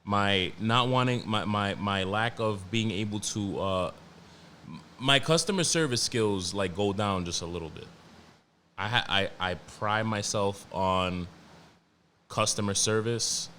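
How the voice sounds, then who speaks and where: A man's voice: lowish voice, measured pace, sharp tone, slight background noise. Profane, emphatic New man ranting. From New York. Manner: profane, emphatic, repeats himself and restarts a lot. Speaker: podcast host. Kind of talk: casual solo podcast rant.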